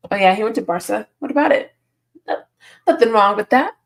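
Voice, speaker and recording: A woman's voice: medium pitch, animated, fairly quick, creaky. Woman, live stream host, casual chat, sleepy, reads comments aloud, laughs often. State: sleepy, yawning early in the morning. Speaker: football channel host reading live chat.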